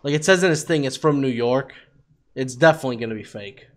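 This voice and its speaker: A man's voice: mid-range voice, fast talker. A man streaming an online shooter, talking in voice chat in a sarcastic, mocking and bossy way. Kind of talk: in-game voice chat.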